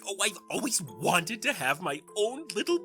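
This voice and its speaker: Man doing a formal stallion commander, measured, dry humor, lively pitch, bright tone. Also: faint music behind, full character voice. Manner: formal, measured, dryly teasing. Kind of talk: fan audio drama acting.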